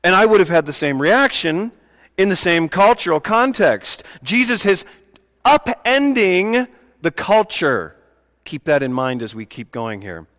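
In a church sanctuary full of long reverb, a man preaches conversationally and tosses joking asides to the congregation. His voice is fairly high and a bit bright, very animated, at a normal speed.

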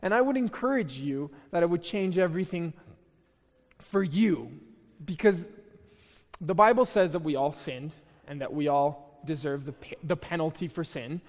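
High-voiced young man preaching in a hall. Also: animated, normal speed. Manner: chatty, self-deprecating, with many restarts. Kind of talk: casual conversational sermon. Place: church hall.

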